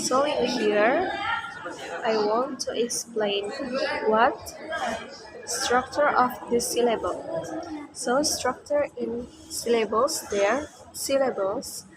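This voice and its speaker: Slow, halting young woman student. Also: a little high. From Indonesia. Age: young adult. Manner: slow, halting reading with restarts. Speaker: university student presenter. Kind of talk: class presentation. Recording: loud crowd noise behind.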